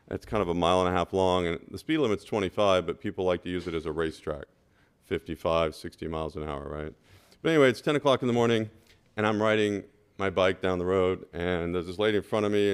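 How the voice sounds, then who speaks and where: A man on a school board, speaking at a meeting and telling an anecdote with lively asides and "right?". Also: deep voice, brisk, clear, resonant tone. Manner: animated storyteller, repeats "right?".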